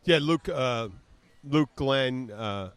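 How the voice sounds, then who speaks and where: A man's voice: medium pitch, animated, drawn-out words, a bit bright, smooth, no echo. Man in his fifties, podcast host, casual rambling chat, mid-range voice, dry close sound. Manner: rambling, many restarts and fillers.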